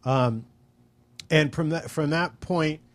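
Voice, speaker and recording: A man in casual conversation, talking reflectively with frequent fillers and restarts. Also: fairly high pitch. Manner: reflective, speaks at an unhurried pace with many fillers. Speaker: friend in conversation. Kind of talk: casual chat.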